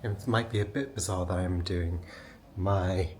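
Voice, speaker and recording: A man's voice: deep voice, steady tone, measured pace. A young man from England chatting casually through a home vlog, now and then cooing at his puppy in a baby voice. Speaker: vlogger. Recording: faint background noise.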